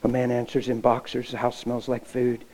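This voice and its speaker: This middle-aged male pastor has a mid-range, monotone voice with a darkish tone, speaking at a moderate pace. He tells a personal story in his sermon with real feeling, acting out the dialogue and often sinking to a near whisper. The low-quality recording carries a little hiss or hum.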